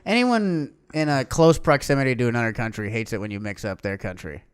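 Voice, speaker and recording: A man's voice: mid-range voice, a little fast, smooth. A man from the United States co-hosting a podcast, joking and sarcastic, swearing often in casual banter. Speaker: podcast co-host.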